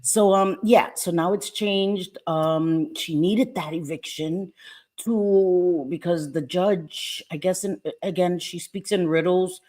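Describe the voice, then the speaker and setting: Chatty, lower-voiced woman on a livestream. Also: slow, a little mellow. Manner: chatty, greets viewers by name, laughs often. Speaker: livestream host. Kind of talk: casual livestream chat.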